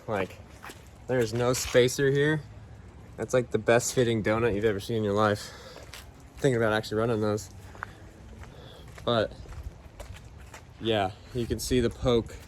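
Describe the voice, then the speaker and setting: A man's voice: fairly low pitch, steady tone, measured pace, long pauses, a little hiss or hum. Laid-back young man in a garage. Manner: laid-back, chatty, uses car slang. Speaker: car builder vlogger. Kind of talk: casual build vlog narration. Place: car garage workshop.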